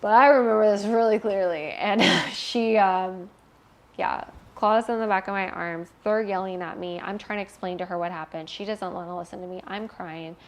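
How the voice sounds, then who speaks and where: A woman's voice: mid-range voice, steady tone, moderate pace. A young adult woman, an interview guest, telling a painful personal story candidly and emotionally, swearing freely.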